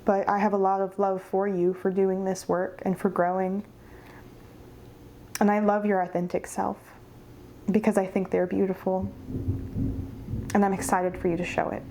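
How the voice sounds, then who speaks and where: A woman's voice: medium pitch, fairly even intonation, normal speed, pauses often, dark tone, a little hiss or hum. A woman giving a pick-a-card tarot reading, earnest and encouraging, speaking straight to the viewer. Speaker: tarot reader.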